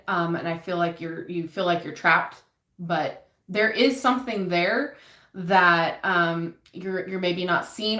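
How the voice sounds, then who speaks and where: Woman, tarot reader, low-pitched, hesitant and soft, casual live reading, echoey room. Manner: soft-spoken, hesitant, frequent ums, gets emotional.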